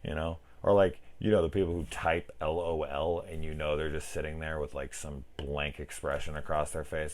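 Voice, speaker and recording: A man's voice: rumbling low, steady tone, a little fast. A young man giving a casual, rambling film review, swearing freely and acting out the people he talks about. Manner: rambling, profane, self-mocking, mimics people in quotes. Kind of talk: casual spoken movie review.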